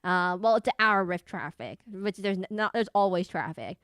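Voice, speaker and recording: A woman's voice: mid-range voice, lively intonation, normal speed, fairly bright tone, smooth, no room sound, clean studio sound. A young woman streaming a game, chatting casually with a giggly, rambling manner.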